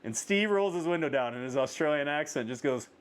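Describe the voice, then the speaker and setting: A man hosting a casual interview, telling a travel story with lots of "like" fillers and rising excitement. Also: fairly high pitch, brisk, slight background noise. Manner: animated storyteller, many "like" fillers. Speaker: podcast host.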